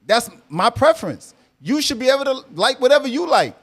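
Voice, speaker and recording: High-voiced man hosting a live chat. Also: brisk. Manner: animated, repeats himself, teasing. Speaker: host of a live audio chat room. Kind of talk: casual live discussion.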